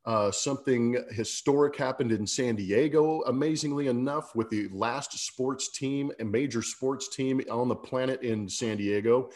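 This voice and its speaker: A man's voice: medium pitch, a little slow, hardly any pauses, darkish tone. A man hosting a sports podcast, talking casually and reading ads with a scratchy morning voice. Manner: laid-back, fillers and restarts, ad reads. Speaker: podcast host.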